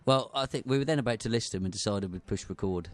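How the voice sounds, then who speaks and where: A young man with a lowish voice co-hosting a laid-back comedy podcast. He drops dry, teasing one-liners in an easy conversational tone, with faint music behind him. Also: fast talker, dry recording. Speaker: podcast co-host. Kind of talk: casual comedy chat.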